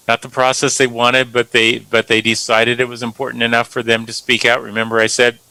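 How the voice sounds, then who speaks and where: Casting note: a man, earnest and measured, very bright forceful tone, dry close recording, guest on a talk show. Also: mid-range voice, monotone, vocal fry, no room sound, rough recording. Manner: earnest, measured, repeats words as he talks. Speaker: guest doctor. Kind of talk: casual talk show conversation.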